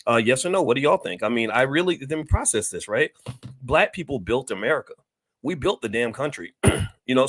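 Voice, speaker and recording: A man's voice: medium pitch, expressive, fairly quick, no echo. A man hosting a finance talk, speaking emphatically to viewers with rhetorical questions and repeated points. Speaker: finance commentator and host. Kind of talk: preachy monologue to viewers.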